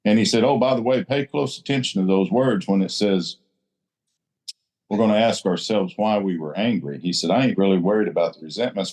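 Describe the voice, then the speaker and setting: A man's voice: lowish voice, fairly quick, darkish tone. A man giving a blunt, salty talk at a recovery group meeting, leaning into his points like a preacher.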